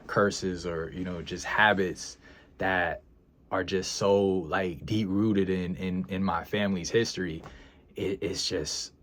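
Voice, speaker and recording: A young man with a very low voice speaks casually to his audience. He is earnest and emotional, sighing and hesitating, and he circles back over his own words as he reflects. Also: steady tone, slow pace, fairly bright tone, slight background noise. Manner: earnest, emotional, repeats himself, sighs and hesitates. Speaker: freelance video editor vlogger. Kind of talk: reflective casual vlog talk.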